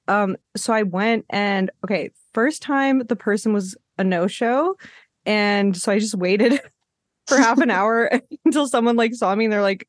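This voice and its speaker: A woman hosting a casual podcast chat, telling animated stories and acting out what people said, often laughing as she goes. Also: mid-range voice, moderate pace, no room sound, clean studio sound. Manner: animated storyteller, acts out quotes with laughs. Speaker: podcast host.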